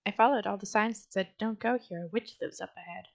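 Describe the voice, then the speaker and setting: A woman's voice: mid-range voice, fairly quick, gravelly, slight background noise, lightly acted. A woman voicing a young scarecrow boy who sounds shy, earnest and a little hesitant.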